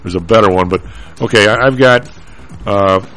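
A man's voice: fairly low pitch, moderate pace, fairly bright tone, a little hiss or hum, poor audio. A man hosting a radio talk show about markets, thinking aloud as he reads figures and stumbles over the data.

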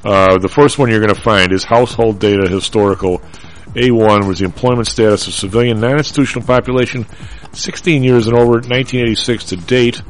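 A man's voice: fairly low pitch, steady tone, fairly quick, slight background noise, low-quality recording. A man hosting a radio talk show about markets, thinking aloud as he reads figures and stumbles over the data.

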